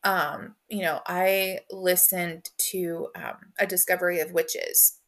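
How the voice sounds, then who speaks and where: Female podcast host, unhurried, rambling casual chat. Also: lowish voice, fairly even intonation, a bit bright. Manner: rambling, many fillers and restarts. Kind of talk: casual conversation.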